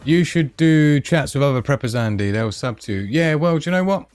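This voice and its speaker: A man's voice: a little high, expressive, fairly quick, a little mellow, smooth, soft background music. A man hosting a casual live stream, rambling and giggly with lots of fillers.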